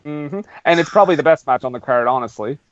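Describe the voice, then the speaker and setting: A man hosting a casual podcast chat, excitable and laughing often. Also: fairly high pitch, fast talker, no room sound, highs cut off. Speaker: podcast host.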